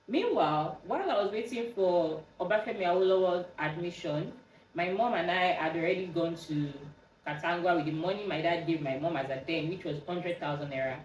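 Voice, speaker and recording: A young Nigerian woman hosting a podcast, telling a personal story in a casual, animated way. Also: on the low side, a little fast, reverberant, distant mic, highs cut off, slight background noise. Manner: animated, acts out quoted dialogue with a raised voice. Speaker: podcast host.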